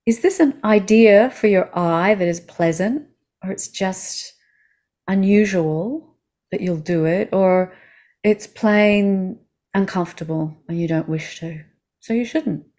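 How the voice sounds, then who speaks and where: A woman with an Australian accent guiding a slow body-awareness lesson, speaking soothingly and asking the listener gentle questions. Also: medium pitch. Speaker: movement instructor.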